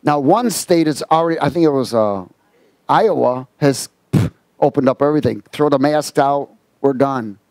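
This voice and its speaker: A man preaching a sermon, telling stories with lively quoted voices and reading scripture aloud. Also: mid-range voice, moderate pace, no room sound. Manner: animated storytelling with quoted voices. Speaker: pastor.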